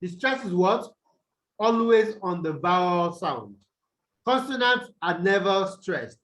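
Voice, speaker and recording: A man's voice: high voice, expressive, takes it slowly, fairly bright tone, low-quality recording. A Nigerian man teaching English over a video call, repeating points and quizzing his students with "what?" prompts. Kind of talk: online tutorial lecture.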